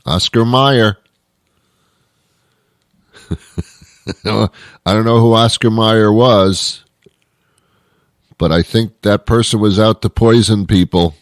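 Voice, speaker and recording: A deep-voiced man hosts his talk show, riffing sarcastically and rambling from one gripe to the next. The sound is dry and close, with no room around it. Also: slow pace, long pauses, dry recording. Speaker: radio show host. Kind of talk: casual comic monologue.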